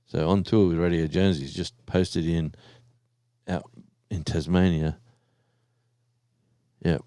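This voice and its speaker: Easygoing Australian guy hosting a live stream, low mellow voice, dry close sound, rambling chatty delivery. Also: fairly even intonation, slow, no room sound. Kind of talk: casual live stream chat.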